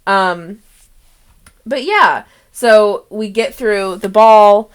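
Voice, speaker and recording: A woman's voice: medium pitch, extremely slow, smooth. A young woman hosting and running a tabletop game, chatting casually with a player, rambling and laughing often between thoughts. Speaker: game master and host. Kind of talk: casual chat about a tabletop campaign.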